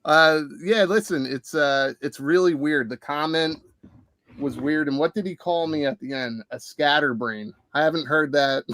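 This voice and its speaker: Male host, a touch high, dry close sound, rambling casual chat. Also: moderate pace, fairly bright tone, no room sound. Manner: rambling, laughs while talking. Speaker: podcast host.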